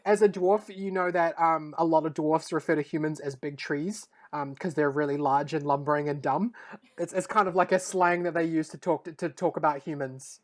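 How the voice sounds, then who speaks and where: A woman voicing a gruff male dwarf guard who is blunt and says "aye". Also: low voice, fairly even intonation, moderate pace, natural voice. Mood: friendly. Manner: blunt, uses old-fashioned "aye".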